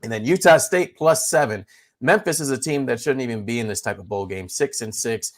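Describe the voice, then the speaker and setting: A man giving sports betting picks, steady and analytical, running through lines and stats. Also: medium pitch, brisk. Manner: steady, analytical, rattles off numbers.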